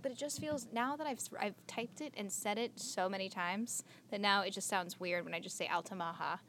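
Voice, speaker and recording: A woman's voice: mid-range voice, a little fast, fairly bright tone, slight background noise. A young woman co-hosting a podcast, chatty and giggly, telling a story with lots of filler words. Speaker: podcast co-host. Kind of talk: casual podcast chat.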